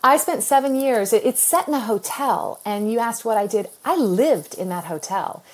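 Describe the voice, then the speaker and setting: Speaking at a normal speed in a mid-range voice with a breathy edge, a middle-aged US woman, an author guest in an interview, relates a personal story. She is expressive and earnest, and laughter keeps bubbling up as she tells it.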